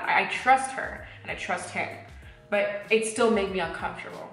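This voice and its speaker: A woman's voice: medium pitch, quick pace, fairly bright tone. A young woman giving blunt, candid relationship advice in a casual talk, swearing freely and acting out little exchanges. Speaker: advice giver. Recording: echoey room with faint music.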